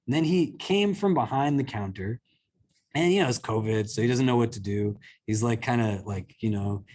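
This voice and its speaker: A man's voice: mid-range voice, moderate pace, a little mellow. Man, imam, casual religious talk, earnest, chatty, filler words. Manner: conversational, earnest, many fillers. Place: community center hall.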